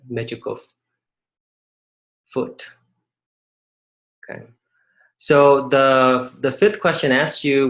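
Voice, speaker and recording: A man's voice: mid-range voice, gravelly, a bit bright, poor audio. Male instructor lecturing in an online class. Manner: halting, many fillers and restarts, rhetorical questions.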